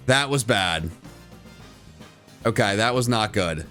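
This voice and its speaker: A man's voice: lowish voice, expressive, takes it slowly, pauses often, bright, forceful tone, faint music behind. A man streaming live to his chat, giving casual game commentary and repeating phrases as he goes. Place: home room.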